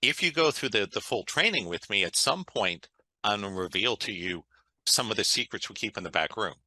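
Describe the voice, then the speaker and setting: A man's voice: on the low side, expressive, fairly quick, pushed and bright, no room sound, poor audio. A man, a guest on an interview, talking in an enthusiastic, conversational way and often checking in with "right?". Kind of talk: interview storytelling.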